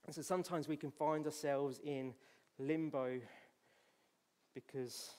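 Scottish man, church sermon, lively preaching, slightly high voice. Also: measured pace, in a large hall. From Scotland. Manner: animated preaching, reads scripture aloud, swings from loud to hushed.

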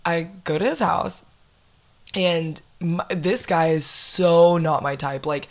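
A young woman in her twenties, a podcast host telling a dating story in casual chat, animated and full of "like". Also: fairly low pitch, slow pace. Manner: animated, heavy use of "like".

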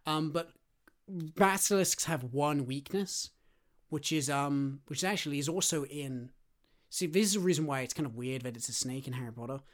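Excitable guy cohosting a podcast, rambly chat, lots of likes and ums. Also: a little high, moderate pace. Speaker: podcast co-host. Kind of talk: casual chat.

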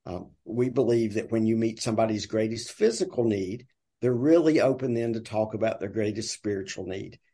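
A man with a Southern American accent from Alabama, a ministry director giving earnest, measured interview answers. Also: lowish voice, dark tone, husky. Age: older. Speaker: guest, ministry sales director.

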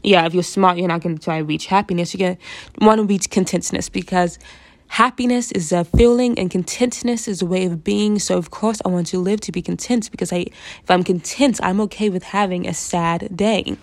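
A woman's voice: fairly low pitch, fairly even intonation, a little fast. Chatty rambling American woman. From United States. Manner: rambling, chatty, with frequent laughs and asides. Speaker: vlogger. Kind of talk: casual monologue to camera.

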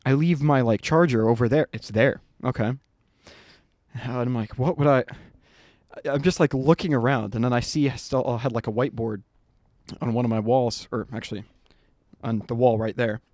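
A man's voice: mid-range voice, steady tone, normal speed, darkish tone, dry recording, studio quality. A man in his twenties on a podcast, telling a story in casual chat, swearing freely and laughing as he goes. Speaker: podcast co-host.

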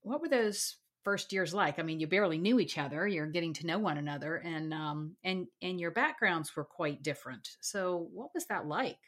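A woman hosting an interview, asking gentle, halting questions. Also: lowish voice, animated. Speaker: host.

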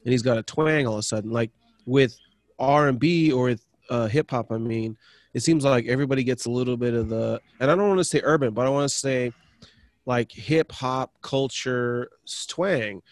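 A man's voice: mid-range voice, normal speed, no echo. A man co-hosting a podcast, talking in a rambling way that trails off, swearing freely. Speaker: podcast co-host. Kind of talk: casual chat.

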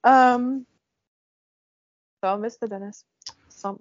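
A woman's voice: on the high side, steady tone, slow, no echo. A young woman hosting a podcast, chatting casually and emotionally, laughing often. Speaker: podcast host. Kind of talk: casual chat. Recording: dull lo-fi sound.

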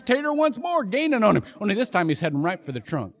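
A male pastor preaches in a church with a high, lively voice that swoops widely. He tells stories with sudden emphatic bursts. His delivery is animated throughout. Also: fast, hardly any pauses. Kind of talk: sermon. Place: church sanctuary.

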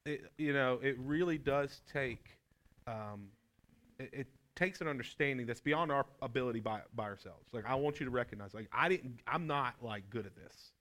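A man's voice: mid-range voice, normal speed, a bit bright. A male pastor leading a conversational sermon with his wife, joking, self-deprecating and asking her questions. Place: church room with a group.

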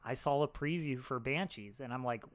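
A man's voice: mid-range voice, normal speed. A man co-hosting a podcast, talking casually about a film and speaking directly to listeners. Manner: upbeat, addresses listeners directly. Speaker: podcast co-host. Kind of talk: casual film review chat.

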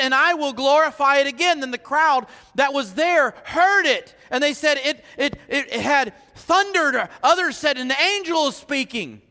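A male pastor preaching a sermon in a church, moving between hushed reflection and fervent appeals. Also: very high-pitched, long reverb tail. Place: church sanctuary.

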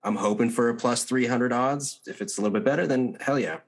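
A man co-hosting a casual sports betting chat, confident and talking in quick bursts. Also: mid-range voice. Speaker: podcast co-host.

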